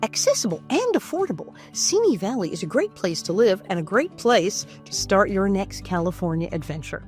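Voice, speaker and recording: A woman reading a scripted sponsor ad in a smooth, promotional manner. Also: mid-range voice, sing-song, normal speed, a little mellow, faint music behind. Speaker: sponsor announcer. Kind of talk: scripted ad read.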